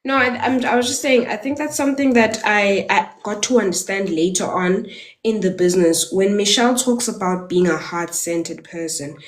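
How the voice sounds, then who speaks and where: A woman's voice: medium pitch, moderate pace. Brief: female host, mid-range voice, earnest and conversational in a live chat. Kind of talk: casual live interview.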